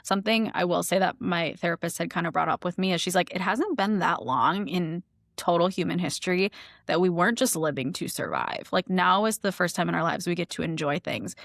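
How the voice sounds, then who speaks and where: Gravelly-voiced woman, chatty podcast guest. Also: lowish voice, expressive, fairly quick, fairly bright tone, no echo, studio quality. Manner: chatty, lots of "like" fillers. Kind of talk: casual podcast chat.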